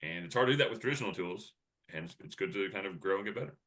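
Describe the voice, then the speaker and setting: A man's voice: low voice, expressive, rapid-fire, a bit bright. A man co-presenting a webinar, talking casually and rambling with lots of fillers and restarts.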